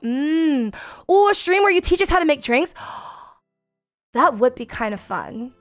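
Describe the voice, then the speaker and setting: A woman's voice: high-pitched, very animated, a little slow, long pauses, dry recording, studio quality, soft background music. A woman streaming a casual chat, rambling with many fillers and reading viewer messages aloud.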